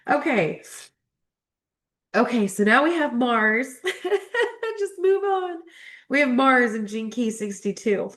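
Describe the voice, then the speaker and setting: A woman's voice: high voice, expressive, takes it slowly, long pauses. A young adult woman who hosts a spiritual astrology channel. She reads a spiritual text aloud and reflects on it, emotional and choked up, laughing between passages.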